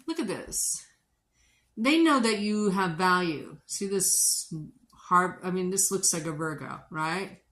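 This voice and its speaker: A woman giving a livestream tarot reading, blunt and sarcastic and quick to swear. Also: lowish voice, fairly bright tone. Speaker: tarot reader. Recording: echoey room with background noise.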